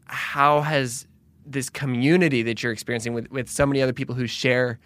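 A man's voice: mid-range voice, steady tone, brisk, fairly bright tone. A man hosting a conversational interview, reflecting aloud and asking thoughtful questions. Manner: reflective, thinks aloud with restarts. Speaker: podcast host.

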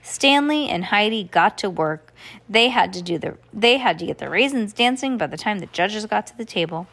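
A woman's voice: mid-range voice, lively intonation, normal speed, a bit bright. A woman reading a children's book aloud, with occasional slips and restarts. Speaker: reader.

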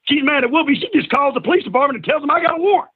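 A man telling wild stories in a profane, animated way, acting out what people said. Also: very high-pitched, racing, narrow, tinny audio. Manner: profane, animated, acts out quotes. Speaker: guest telling old wrestling stories. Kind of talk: casual storytelling.

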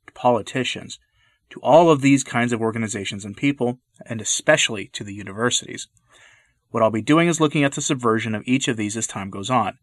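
A man delivering scripted commentary narration in a measured, deliberate way. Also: mid-range voice, no echo, clean studio sound.

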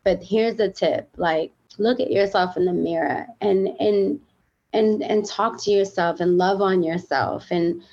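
A woman's voice: mid-range voice, measured pace, darkish tone, highs cut off. A woman guest on a podcast, talking candidly and with feeling, with lots of fillers. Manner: heartfelt, emphatic, many fillers.

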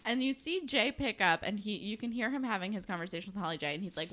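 Woman podcast co-host, mid pitch, very lively intonation, gushing chat. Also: fast talker. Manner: gushing, expressive, swings up and down in pitch. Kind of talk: casual chat recapping a TV episode.

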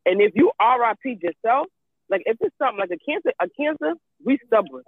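A woman's voice: fairly high pitch, very animated, fast, no room sound. A woman in casual chat who talks emphatically, repeats herself, and swears freely. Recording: tinny phone-like line.

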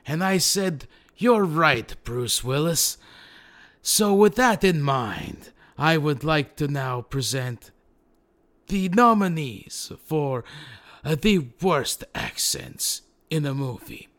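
A man's voice: fairly high pitch, sing-song, slow, fairly bright tone, voice pushed up, exaggerated voice. A man doing a pompous award-show presenter. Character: male movie star presenting awards, pompous.

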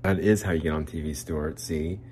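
A man with a very low voice telling a long personal story in loose, casual chat. He rambles, swears freely and acts out what others said. Faint noise sits under the recording. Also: fairly even intonation, brisk, dark tone.

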